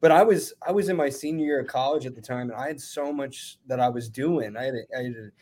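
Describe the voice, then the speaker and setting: A young man in his twenties chats as a guest on a podcast. His voice sits at a middle pitch, and he rambles through his stories in an easygoing way. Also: fast. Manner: relaxed, rambling storyteller. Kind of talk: casual chat.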